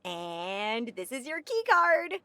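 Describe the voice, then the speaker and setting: A man voicing a polite young woman who works as a motel receptionist, in a chirpy sing-song falsetto while reading game dialogue aloud. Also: very animated, takes it slowly, creaky, bright, forceful tone, full character voice.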